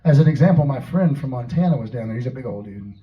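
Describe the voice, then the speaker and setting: A man's voice: mid-range voice, expressive, fast talker, dull audio. A man from Tennessee, a singer-songwriter telling joking, laid-back stories between songs at a house concert. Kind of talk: live stage banter between songs.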